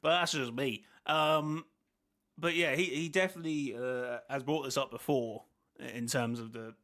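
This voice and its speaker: A man's voice: mid-range voice, steady tone, normal speed, a bit bright. A man hosting a casual reaction stream, rambling and second-guessing himself as he thinks aloud. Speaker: host reacting to a video.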